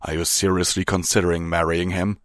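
A man's voice: sits low, flat delivery, a little fast, no room sound, studio quality, lightly acted. A man playing a protective pony big brother. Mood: wary. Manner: cautious, urgent. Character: male pony elder brother, protective and cautious.

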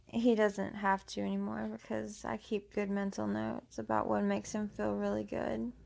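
Flat, gravelly-voiced woman teasing softly. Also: medium pitch. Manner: slow, teasing, flirtatious talk addressed to the listener. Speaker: erotic audio creator. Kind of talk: intimate adult audio role-play.

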